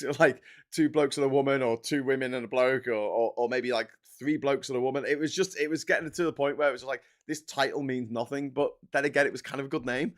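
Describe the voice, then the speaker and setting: A man hosting a casual live stream, ranting sarcastically and mocking people in whiny put-on voices. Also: mid-range voice. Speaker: livestream host.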